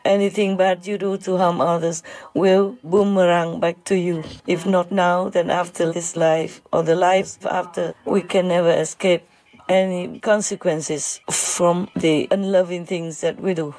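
A woman giving a heartfelt spiritual talk in a halting, emotional way, pausing often. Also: on the low side, flat delivery, darkish tone. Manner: halting and emotional, with frequent pauses.

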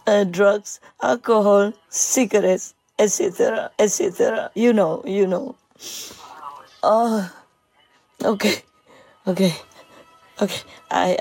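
A woman giving a heartfelt moral talk, halting and emotional, with many pauses and fillers. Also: mid-range voice, a little mellow, dry recording.

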